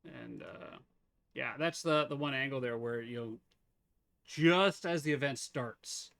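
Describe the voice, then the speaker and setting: A man's voice: medium pitch, a little slow, gravelly, a bit bright, no echo. A man streaming a game live, chatting casually with viewers, teasing them and laughing often.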